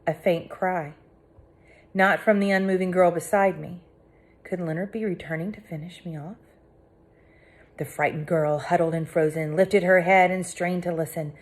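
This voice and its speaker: A woman reading a first-person audiobook aloud with dramatic, tense delivery that drops to hushed tones. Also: fairly low pitch, fairly even intonation, normal speed. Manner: dramatic, swinging between hushed and cried out. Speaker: audiobook narrator.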